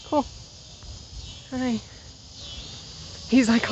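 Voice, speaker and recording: Chatting casually on an outdoor walk, a vlogger in her twenties wanders through side stories, slightly out of breath from going uphill. She speaks at a measured pace in a fairly high voice. The recording is muffled, and background noise is present.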